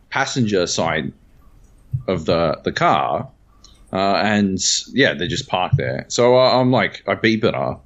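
Profane, animated Australian man telling a story. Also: low voice, highs cut off. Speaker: podcast co-host. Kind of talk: casual chat, storytelling.

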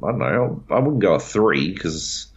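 A fired-up man co-hosting a podcast, swearing his way through a heated rant. His pitch leaps up and drops low as he goes, and the audio has a dull, lo-fi sound. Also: big pitch swings, measured pace. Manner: profane, heated ranting. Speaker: podcast co-host. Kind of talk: casual podcast chat.

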